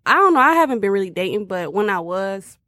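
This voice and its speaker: A woman's voice: medium pitch, very animated, fast talker, sharp tone, dry recording, clean studio sound. A woman co-hosting a casual podcast chat, speaking frankly and firmly about her opinions. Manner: frank and matter-of-fact, firm opinions. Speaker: co-host.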